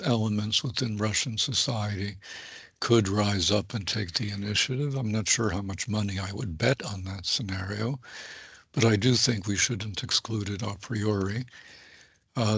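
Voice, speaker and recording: An older man with a low, gravelly voice and a husky edge talks through his analysis slowly and deliberately. He hedges often and builds long, qualified sentences, like a professor thinking aloud. The sound is close and dry. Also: a bit bright, no echo. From United States. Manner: deliberate, hedging, speaks in long qualified phrases. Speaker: political science professor. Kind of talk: measured spoken analysis.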